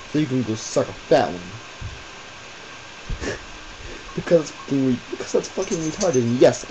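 A man's voice: mid-range voice, mellow, a little hiss or hum, rough recording. Crude, rambling male gamer. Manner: rambling, crude, joking, swears a lot. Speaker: gaming video host. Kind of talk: casual let's-play commentary.

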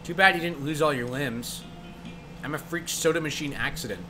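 A man voicing a sardonic young woman cat, trading deadpan insults while playing a game on stream. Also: fairly high pitch, moderate pace, faint music behind.

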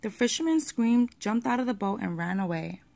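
A woman reading a children's picture book aloud at a steady pace, with the odd small slip. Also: mid-range voice, moderate pace, vocal fry.

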